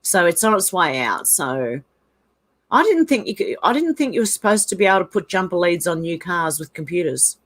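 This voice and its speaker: In a casual live chat, an Australian woman reads out her viewers' comments and discusses them, laughing frequently. She speaks fairly quickly in a fairly low voice with big swings in pitch.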